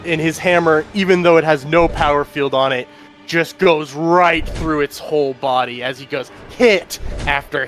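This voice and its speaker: A man playing a tabletop role-playing game, describing his character's actions excitably and swearing freely. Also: fairly high pitch. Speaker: player.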